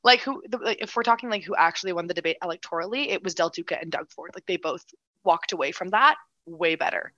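A woman co-hosting a casual political chat, animated and quick, full of restarts and "like". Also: lowish voice, dry recording, muffled recording. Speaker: political commentator, co-host.

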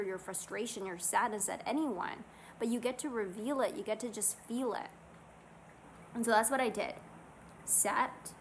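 A woman vlogger talking casually and earnestly to camera, guiding listeners through calming self-help steps. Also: on the high side, a little hiss or hum, poor audio. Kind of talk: casual motivational talk to camera.

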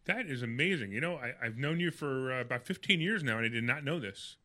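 A man co-hosting a radio talk show who speaks in a quick, upbeat way. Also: medium pitch, lively intonation, bright, forceful tone.

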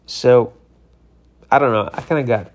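A tired man, yawning, casually tells his vlog audience a story, rambling with lots of fillers and restarts. His voice is medium-pitched and moves at a normal speed.

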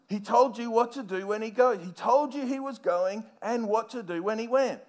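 A male preacher giving a sermon in an animated manner, rising to emphatic points and playfully acting out scenes. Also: very high voice, normal speed, few pauses.

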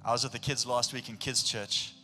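A male pastor with a South African accent preaching a sermon, telling stories with animation and swinging between a hush and a shout. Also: mid-range voice, steady tone, brisk. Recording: long hall reverb with faint music.

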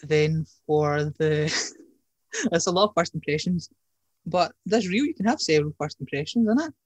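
A man's voice: a little high, animated, normal speed, breathy edge, dry recording. A young man hosting a podcast in casual chat, slangy and teasing, often breaking into laughter. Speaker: podcast host.

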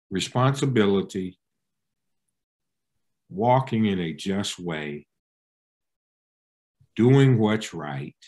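Pastor guy getting preachy in an interview, low voice that swoops up and down a lot. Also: darkish tone. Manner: emphatic, preacherly, with wide pitch swings. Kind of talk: conversational interview answer.

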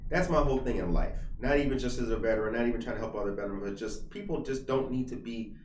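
A man's voice: medium pitch, quick pace, a little hiss or hum. A man hosting a morning talk show, chatting in an earnest, rambling way that turns fired up. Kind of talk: casual talk show chat. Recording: roomy echo.

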